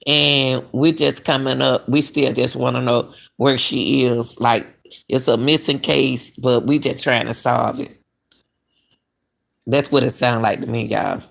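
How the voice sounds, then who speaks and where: Woman, middle-aged, deep, heavy vocal fry, casual live-stream commentary. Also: steady tone, measured pace. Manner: talks to viewers as "y'all", questions and mocks what she reads. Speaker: commentary channel host.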